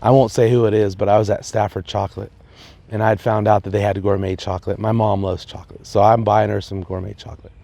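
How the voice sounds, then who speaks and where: A man, a high school principal, talking earnestly in an interview and telling stories with playful asides. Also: little pitch movement, quick pace, vocal fry, dark tone, dry recording. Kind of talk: reflective interview talk.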